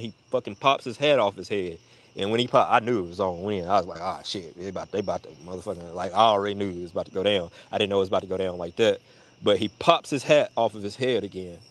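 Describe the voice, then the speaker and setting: A man casually telling a long personal story, full of swearing, who jumps to a much higher voice when quoting people. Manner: profane, animated retelling with high-pitched voices for quoted people. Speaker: storyteller on a live audio chat.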